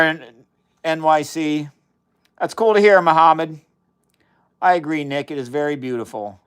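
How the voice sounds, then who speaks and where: A man's voice: medium pitch, fairly bright tone, smooth. A man on a live science stream, chatting casually as he runs experiments in a chemistry lab and greets viewers by name.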